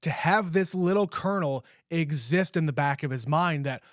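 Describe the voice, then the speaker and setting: A man co-hosts a casual podcast, his voice a touch higher than most men's. He builds his points in long, thoughtful runs and drops the odd casual swear. The recording is dry and close-miked. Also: moderate pace, few pauses, no echo. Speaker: podcast co-host. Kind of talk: casual movie discussion.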